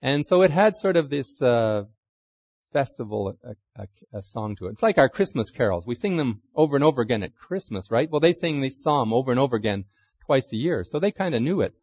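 A man's voice: medium pitch, lively intonation, a little fast, darkish tone, slightly rough, no room sound. A man preaches in a chatty, conversational way. He keeps asking his listeners questions and acts out quotes in small voices. The sound is dry and close. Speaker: pastor. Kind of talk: sermon.

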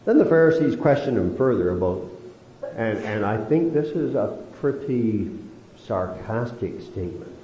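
A man leads a Bible study, his pitch rising and falling in a lively, animated way. He talks slowly and deliberately, drawing out key phrases. The sound is roomy and a little dull, with faint hiss behind him. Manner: lively, animated delivery with slow emphatic stretches. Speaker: Bible teacher.

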